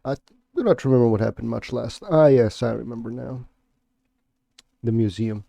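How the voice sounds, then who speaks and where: Mellow-voiced casual game streamer. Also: male voice, medium pitch, moderate pace, gravelly, dry recording. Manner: rambling, with many fillers and restarts. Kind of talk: casual let's-play commentary.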